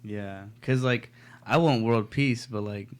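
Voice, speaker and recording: A man's voice: on the low side, slow pace. A man chatting casually on a podcast, using laid-back slang and swearing freely. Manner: laid-back slang, says "bro" and "you know what I'm saying" a lot.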